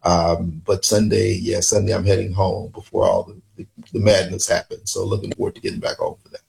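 Gravelly joking male radio host. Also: low-pitched, animated, fairly quick, darkish tone. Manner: joking, easygoing. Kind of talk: casual morning show banter.

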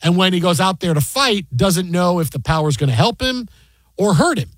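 A man hosting sports radio, excitable and laughing often, tripping over his words in casual banter. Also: sits high, normal speed, no echo. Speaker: radio host.

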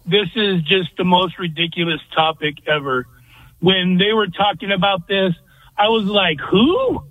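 A man's voice: high-pitched, fairly even intonation, normal speed, no room sound. A man calling in to a sports radio show, blunt and opinionated. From California. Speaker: caller. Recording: tinny phone line.

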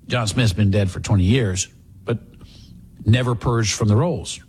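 A man hosting a radio talk show, giving sarcastic, animated political commentary. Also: fairly low pitch, measured pace, husky.

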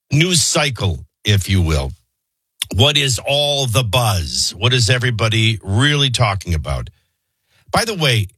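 Middle-aged male radio host, low husky voice, dry studio sound, opinionated and chatty. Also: a bit bright, no room sound. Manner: opinionated, conversational, filler-heavy. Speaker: radio morning show host. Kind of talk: talk radio monologue. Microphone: studio microphone.

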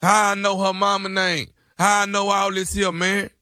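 A man's voice: high-pitched, level tone, moderate pace, bright, forceful tone, dry recording, clean studio sound. A man playing a stubborn male inmate calling a rival, insistent and full of street slang. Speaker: prank caller.

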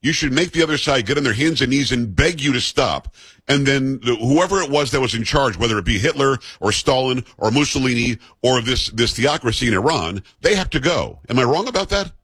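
A man's voice: medium pitch, animated, brisk, fairly bright tone, breathy edge, dry recording. A man hosting a radio talk show, arguing his opinions emphatically and repeating himself as he builds a point.

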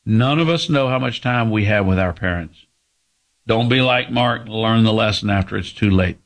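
A man giving a slow, solemn scripted narration. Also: lowish voice. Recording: faint music underneath.

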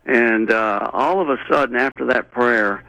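A man as an interview guest, telling a personal story in an earnest, rambling way with many halting restarts. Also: medium pitch, creaky, pushed and bright, no echo, rough recording.

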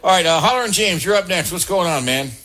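A man hosting a call-in sports radio show, brisk and joking as he keeps the calls moving. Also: sits high, lively intonation, pushed and bright.

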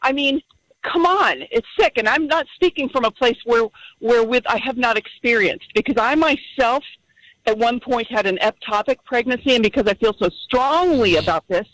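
A woman's voice: on the high side, moderate pace, fairly bright tone, no echo, poor audio. A woman calling in to a radio talk show, earnest and firm, speaking with strong conviction. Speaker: caller.

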